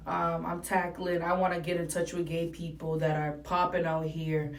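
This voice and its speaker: With a lowish voice and flat delivery at a moderate pace, a young New England woman with a regional accent speaks bluntly and profanely as a rapper guest in a casual interview. The recording comes from a roomy, distant mic.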